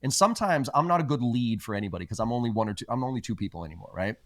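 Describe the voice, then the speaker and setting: A man's voice: medium pitch, expressive, very fast, dry recording. Man, podcast guest, blunt, emphatic, swears freely, mid-range voice, dry close sound. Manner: blunt, emphatic, profane storytelling. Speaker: podcast guest, sales trainer. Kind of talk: casual interview chat.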